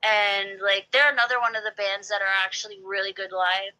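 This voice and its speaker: A woman's voice: medium pitch, level tone, brisk, pushed and bright, rough recording. A woman in casual chat, telling a long personal story, saying "like" a lot and acting out what people said. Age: late 20s or older. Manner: chatty, lots of "like", acts out quotes.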